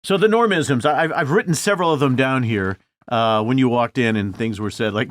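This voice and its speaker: A man in his sixties hosting a podcast interview, telling lively stories and acting out the voices of the people he quotes. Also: mid-range voice, brisk, few pauses, no echo, studio quality. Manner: animated storyteller, acts out quoted voices. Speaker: podcast host. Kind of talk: conversational interview.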